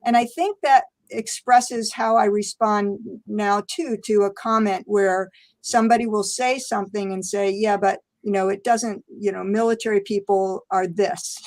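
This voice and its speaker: A woman's voice: medium pitch, fairly even intonation, a little slow, darkish tone. Older American woman telling stories. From United States. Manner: reflective, laughs often, acts out quoted voices. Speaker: guest. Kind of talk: conversational interview storytelling.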